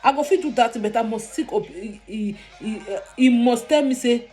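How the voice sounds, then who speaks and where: A woman vlogger with a Nigerian Pidgin accent, talking in an animated, emphatic, repetitive way in a casual monologue. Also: a little high, normal speed, faint music behind.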